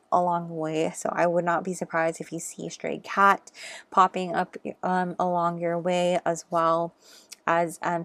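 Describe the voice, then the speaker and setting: A young woman doing a pick-a-card tarot reading, speaking gently and encouragingly with frequent ums. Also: on the low side, no echo. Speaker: tarot reader.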